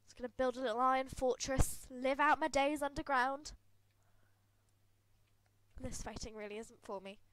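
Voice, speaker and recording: A woman's voice: high voice, fairly even intonation, moderate pace, pauses often, a bit bright, no room sound. A woman with a cold, congested and sniffly, giving giggly, rambling, self-deprecating commentary over a video game. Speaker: gaming video creator. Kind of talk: casual gameplay commentary.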